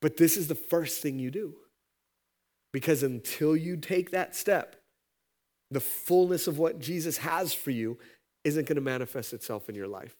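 A pastor giving a sermon, telling a parable and voicing its characters with sudden high-pitched lines. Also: male voice, moderate pace. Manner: animated, acts out parable characters with pitch jumps.

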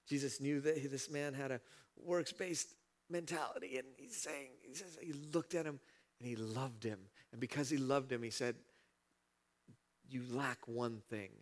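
A man preaches at a mid-range pitch, delivering a sermon with lively, animated energy. He builds his points to emphatic peaks. He acts out the scripture with voiced asides. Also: normal speed. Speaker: pastor.

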